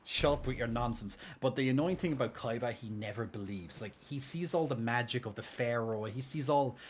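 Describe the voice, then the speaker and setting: Rambling, excitable male game streamer. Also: medium pitch, fairly quick, a little hiss or hum. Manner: rambling and excitable, lots of fillers and laughs. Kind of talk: casual live-stream chat while gaming.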